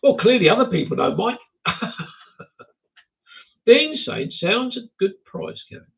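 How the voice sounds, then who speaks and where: An older Englishman chats casually and chuckles at his own jokes as he reads viewer messages aloud. His voice sits fairly high and has a gravelly edge. It all comes through a thin, tinny line. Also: very animated, unhurried. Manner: chatty, chuckling, self-mocking. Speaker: livestream host. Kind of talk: casual chat reading viewer comments. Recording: tinny phone-like sound.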